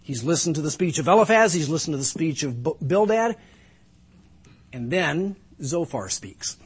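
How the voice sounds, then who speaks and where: A man's voice: a little high, lively intonation, normal speed, breathy edge. A middle-aged man preaching a sermon in an earnest, reflective way, with some emphatic lines.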